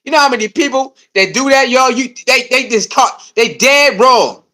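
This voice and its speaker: Brief: high, bright-voiced male streamer doing slangy, heated reaction commentary. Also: moderate pace. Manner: animated, repetitive, laughing, slangy; mocking, heated. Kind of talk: casual live-stream commentary.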